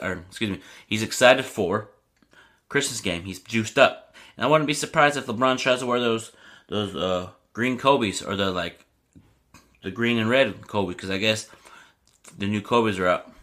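Young guy doing a sports podcast, bright voice, rants and gets fired up, lots of "you know what i mean". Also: fairly low pitch, moderate pace. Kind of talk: casual sports talk.

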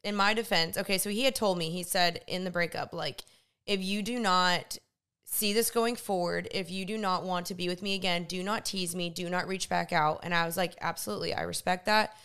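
A young woman, co-host, telling her side of a story in casual chat, expressive and quick to chime in. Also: on the low side, clear, resonant tone. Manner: expressive, chimes in, laughs easily.

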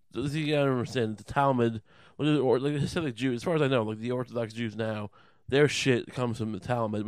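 A man's voice: mid-range voice, no echo. A man hosting a podcast, rambling through a profane comedy rant and swearing constantly. His voice sits in a middle range. The sound is close and dry. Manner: profane, rambling, laughing at his own jokes. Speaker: podcast host.

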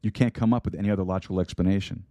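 A man's voice: deep voice, fairly even intonation, racing, warm tone, no echo, highs cut off. A man preaching a sermon on an online broadcast, repeating himself and asking his audience questions. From United States. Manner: repeats words, asks the audience rhetorical questions. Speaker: pastor. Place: online broadcast with a chat room.

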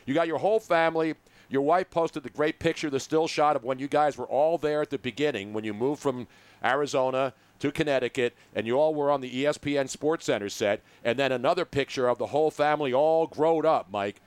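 A man hosting a sports talk radio show, animated and teasing, rambling through his stories. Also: medium pitch, fairly quick, clear, resonant tone, dry recording. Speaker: radio host.

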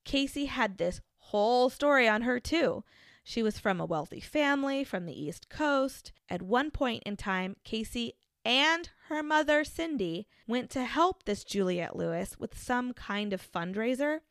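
A woman's voice: fairly high pitch, lively intonation, measured pace, no room sound. Woman telling a true-crime story, dry mic. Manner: conversational, frequent fillers and restarts. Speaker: podcast co-host.

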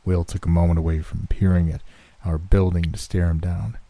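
A man reading a horror story aloud in the first person, in a hushed, anxious telling. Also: sits low, level tone, a little fast, no room sound. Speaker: narrator. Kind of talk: scripted horror story narration.

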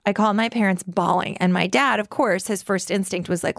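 Gravelly, blunt woman in her forties. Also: mid-range voice, dry recording, clean studio sound. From New York. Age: 40s. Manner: blunt and profane, talking in quick run-on bursts with many "like"s. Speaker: guest. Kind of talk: candid personal storytelling in conversation.

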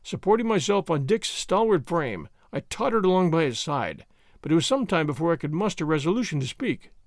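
A man reading a first-person story aloud in an expressive, measured storytelling manner. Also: on the high side, no echo, clean studio sound. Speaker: audiobook narrator.

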